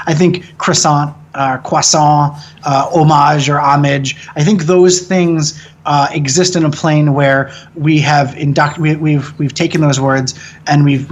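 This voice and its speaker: A man's voice: a little high, muffled recording. A man in his thirties talking casually as an interview guest, opinionated and profane, often slipping into mocking voices to make a point. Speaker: film director and guest.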